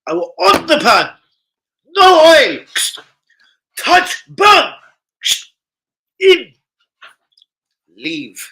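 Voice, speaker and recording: A man's voice: very high-pitched, wildly swooping pitch, extremely slow, pauses often, voice pushed up, exaggerated voice. A man putting on a showy chef barking steak orders. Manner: clipped cooking commands, rising to shouts. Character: showy male chef demonstrating steak, theatrical.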